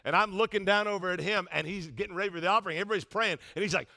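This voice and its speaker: Animated bright-voiced male pastor. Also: high voice, very fast, creaky. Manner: animated, comic storytelling with quoted voices. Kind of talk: sermon with storytelling.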